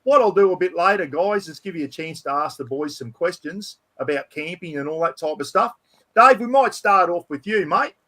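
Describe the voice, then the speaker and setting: Chatty aussie bloke hosting, bit higher voice, rambles on excitedly. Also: male voice, normal speed. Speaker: host. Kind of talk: casual chat.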